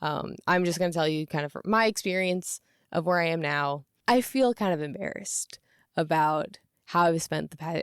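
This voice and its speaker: A woman's voice: low voice, normal speed, smooth, no room sound, studio quality. A woman in her thirties talking casually to camera in a rambling confessional vlog, laughing often and using lots of filler words. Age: 30s. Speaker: YouTuber.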